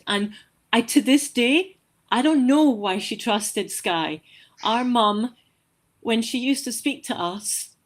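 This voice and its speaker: Heartfelt halting woman from Scotland. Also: on the high side. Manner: heartfelt, halting, repeats words. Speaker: course graduate, guest. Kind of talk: emotional interview.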